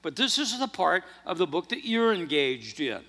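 A man preaching a sermon as pastor, earnest and animated, often restarting his words. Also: high-pitched, moderate pace. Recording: long hall reverb.

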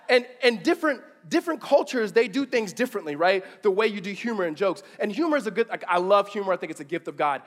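High-voiced guy preaching, chatty and animated, jokes mixed into the sermon. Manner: animated, conversational, playful asides. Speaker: pastor. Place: church hall before a congregation.

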